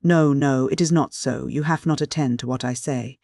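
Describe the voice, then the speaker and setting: A man's voice: medium pitch, normal speed, a little mellow, dry recording, studio quality, close to an everyday voice. A man voicing a kindly German professor. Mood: exasperated.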